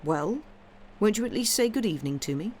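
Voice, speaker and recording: A woman's voice: medium pitch, animated, a little fast, darkish tone, a little hiss or hum, pitched above the performer's own voice, close to an everyday voice. Woman reading an urgent young lover. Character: ardent impatient young man, a lover.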